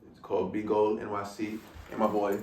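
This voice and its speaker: A man's voice: lowish voice, completely flat delivery, fairly quick, a little mellow. A man with a Brooklyn accent, a guest DJ talking in a hyped, boastful way with lots of slang. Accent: Brooklyn New York. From Brooklyn, New York. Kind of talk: casual podcast chat. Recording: roomy, distant mic with faint noise.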